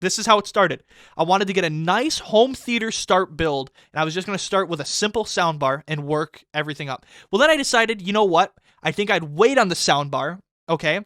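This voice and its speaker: A man's voice: high voice, expressive, fairly quick, a bit bright, no room sound, clean studio sound. A man in his twenties hosting a casual podcast chat, rambling and swearing heavily as he gets worked up. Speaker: podcast host.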